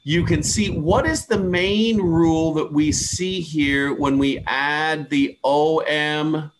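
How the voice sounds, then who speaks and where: A man from the USA teaching English pronunciation in an online class, patiently repeating words slowly for students to copy. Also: fairly high pitch, fairly even intonation.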